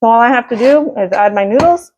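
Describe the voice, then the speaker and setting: A woman's voice: on the high side, lively intonation, fairly quick, highs cut off, background noise. A middle-aged woman hosting her own home cooking vlog, talking in a rambling, chatty way with many fillers while she cooks. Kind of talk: casual cooking chat.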